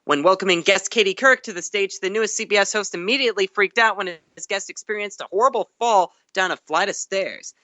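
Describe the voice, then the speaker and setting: This man's high voice is fast and sharp, with few pauses and no echo. He co-hosts an online news show as the entertainment reporter, joining via internet call, reading the news and then joking wryly about it.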